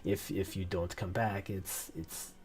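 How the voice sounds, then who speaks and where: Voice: low voice, fairly even intonation, a little slow, a little mellow, pitched below the performer's own voice. A game master voicing a greedy male dock merchant who stammers and wheedles while haggling in a tabletop game. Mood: evasive. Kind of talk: tabletop role-play character voice.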